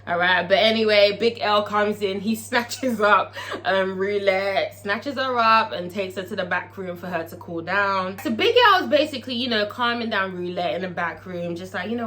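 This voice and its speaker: Profane, bright-voiced woman reviewer. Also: medium pitch, moderate pace. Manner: profane, animated, laughing often. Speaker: TV episode reviewer. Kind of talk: casual recap vlog.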